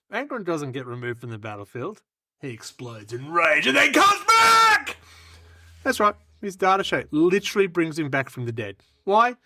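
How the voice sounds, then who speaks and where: A man co-hosting a podcast, delivering a hammy mock recruitment pitch with bursts of shouting and laughter, slightly hoarse. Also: no room sound, clean studio sound. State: slightly hoarse after illness. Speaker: podcast co-host.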